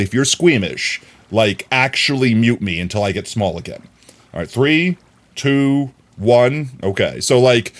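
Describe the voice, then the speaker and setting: Young man, livestream chat, animated storytelling, very expressive melody, mid-range pitch. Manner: animated storyteller, often laughing.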